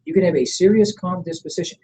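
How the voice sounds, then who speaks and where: In a low-quality recording, a fast-talking middle-aged man with a warm tone trains people in network marketing at a motivational sales seminar. He's energetic, repeatedly checks that everyone is keeping up, and demonstrates pitches by acting them out.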